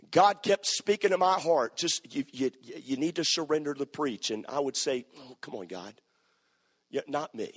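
High-voiced preacher in a ringing hall. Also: male voice. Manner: dramatic storytelling, acting out quoted voices; emphatic, rising to loud exhortation. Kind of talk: sermon. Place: church sanctuary. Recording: long reverb of a church hall.

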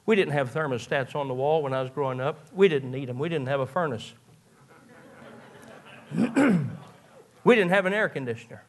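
A man's voice: a little high, lively intonation, normal speed, pauses often. A man, preaching a sermon in a folksy storytelling way, often restarting his words. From eastern Kentucky. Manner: folksy storytelling with repeated stammered starts.

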